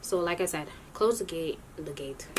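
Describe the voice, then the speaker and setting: A young woman tells a story in a loose, rambling way, often stopping to correct herself. Her voice sits a little low for a woman. A faint hiss runs underneath. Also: normal speed. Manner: rambling, animated, self-correcting. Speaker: vlogger. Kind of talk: casual storytime vlog.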